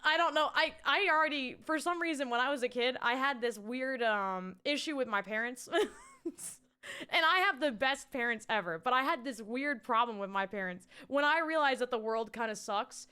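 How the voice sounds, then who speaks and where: A young woman streamer in her twenties chatting casually with her viewers, swearing freely, laughing often and breaking into loud shouted bits. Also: high-pitched, moderate pace, smooth. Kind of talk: casual live-stream chat.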